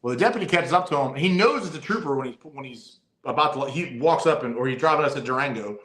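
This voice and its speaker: A man's voice: mid-range voice, lively intonation, quick pace, a bit bright. A man who is a police officer, talking in casual podcast chat and often repeating phrases as he builds a point. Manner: frequent agreeing interjections, repeats phrases. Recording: echoey room.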